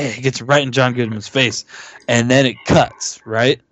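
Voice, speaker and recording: A man's voice: medium pitch, fairly even intonation, brisk, dry recording. Rambling, swearing man on a podcast. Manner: rambling, filler-heavy, swears freely, acts out movie lines. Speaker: podcast co-host. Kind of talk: casual movie recap chat.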